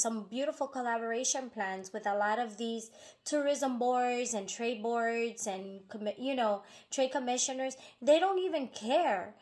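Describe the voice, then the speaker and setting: A woman with a somewhat high voice speaks earnestly to her viewers, unscripted and from the heart. She talks with feeling and circles back on her phrases to stress a point. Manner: earnest and emotional, repeats phrases for emphasis. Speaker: vlogger running her own company. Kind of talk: unscripted personal talk to camera.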